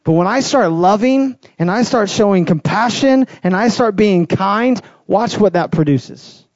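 High-voiced man preaching a sermon. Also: lively intonation, measured pace, darkish tone, highs cut off. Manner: emphatic, repeats key phrases in building lists. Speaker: pastor.

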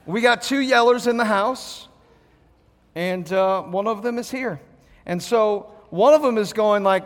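A man preaching a sermon as pastor, animated and joking as he tells stories and acts out voices. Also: sits high, unhurried. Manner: animated, jokey storyteller who acts out voices. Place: church. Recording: reverberant church hall.

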